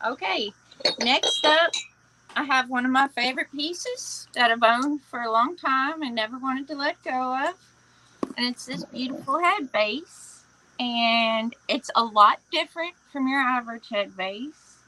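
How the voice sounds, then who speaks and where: A woman co-selling on a live vintage sale, enthusiastic and quick to chime in with praise. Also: sits high, bright, forceful tone, slight background noise, low-quality recording. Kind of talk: casual live-stream sales chat.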